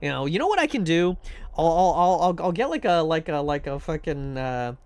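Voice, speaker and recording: A man's voice: a little high, big pitch swings, normal speed, darkish tone, clear, resonant tone, no room sound. A man live-streaming a game, joking, swearing and rambling while reacting to his chat. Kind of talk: casual live-stream commentary while gaming.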